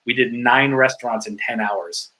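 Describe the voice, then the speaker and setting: A man telling stories in a casual podcast interview, in an animated way with lots of filler likes. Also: medium pitch, moderate pace, rough recording. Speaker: guest.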